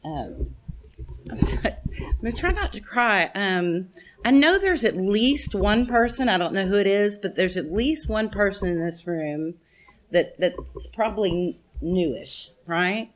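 A woman's voice: mid-range voice, lively intonation, a little slow. A middle-aged woman giving a heartfelt, self-deprecating talk to an audience in a meeting room. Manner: chatty and self-deprecating, calls the room "y'all". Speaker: guest speaker at a recovery meeting. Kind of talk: heartfelt personal share to an audience.

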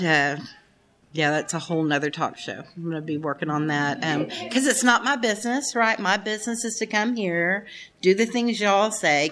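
A woman's voice: fairly low pitch, a bit bright. Candid woman in her fifties sharing. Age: 50s. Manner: candid and blunt, swears, laughs often; addresses the room directly. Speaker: speaker sharing at a recovery meeting. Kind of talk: personal testimony to a group.

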